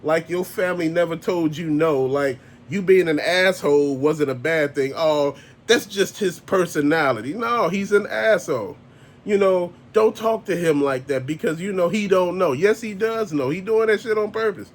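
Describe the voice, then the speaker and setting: A man's voice: high-pitched, moderate pace. A man hosting his own show, ranting bluntly and emphatically with heavy profanity. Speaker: host. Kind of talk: ranting monologue.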